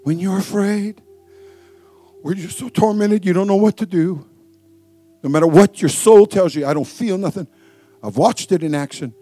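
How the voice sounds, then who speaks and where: A man preaching a lively sermon, swinging from booming to hushed and laughing often. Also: moderate pace, long pauses, soft background music. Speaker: pastor.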